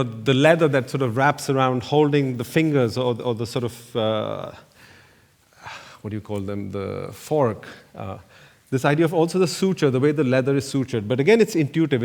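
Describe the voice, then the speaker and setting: A man, an architect giving a slide lecture, telling loose anecdotes full of "you know" fillers. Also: medium pitch. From India. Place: lecture hall. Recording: echoey lecture hall reverb.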